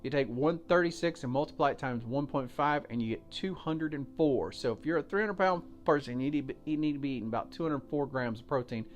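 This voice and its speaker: A man's voice: a little high, brisk, few pauses, faint music behind. An American man hosting a solo podcast, chatting casually and walking listeners through simple numbers step by step. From United States. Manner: chatty, folksy, explains step by step with fillers. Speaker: podcast host.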